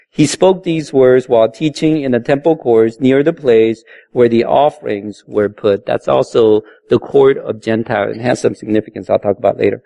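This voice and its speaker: Male pastor, gravelly, teaching a sermon through scripture. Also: medium pitch, warm tone. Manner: reads scripture slowly, explains word meanings with fillers.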